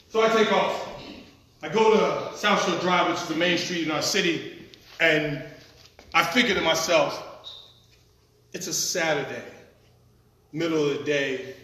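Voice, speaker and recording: A man telling a comic story at a live storytelling performance, animated and acting out the scenes. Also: on the high side, a little hiss or hum. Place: performance venue. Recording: echoey room, mic at a distance.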